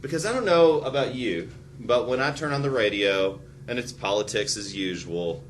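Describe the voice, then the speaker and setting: A male teacher gives a recorded history lecture with a lively, swooping delivery. He breaks into sarcastic asides, and his voice sits at an ordinary middle pitch. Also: normal speed, a little hiss or hum.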